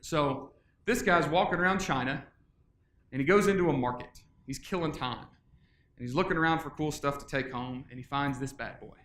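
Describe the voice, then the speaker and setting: A middle-aged man gives an upbeat, casual conference talk and jokes with his listeners. His voice sits a little high. The sound carries the echo of a large room. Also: moderate pace. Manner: energetic, casual, joking with the audience. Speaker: conference speaker. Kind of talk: live presentation.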